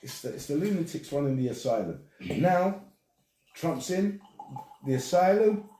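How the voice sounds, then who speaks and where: A man's voice: a little high, measured pace. Ranting older man, roomy echo. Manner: animated, swearing, ranting. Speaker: podcast host. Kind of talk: casual podcast chat. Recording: echoey room, distant from mic.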